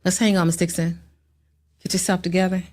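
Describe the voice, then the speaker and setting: A woman's voice: lowish voice, flat delivery, a little fast, darkish tone. A woman hosting a casual podcast interview, encouraging her guest and calling people honey. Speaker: podcast host.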